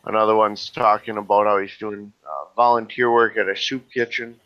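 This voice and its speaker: Halting low-voiced man running a game. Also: level tone, no room sound, highs cut off. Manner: halting, full of fillers and restarts. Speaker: game master. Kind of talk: narrating a tabletop game.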